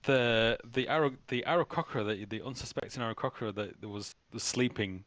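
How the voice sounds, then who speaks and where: A man's voice: medium pitch, fairly bright tone, no echo. Man gm narrating, trips over words a lot, dry sound. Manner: halting, repeats words. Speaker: game master. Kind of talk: narrating a tabletop game.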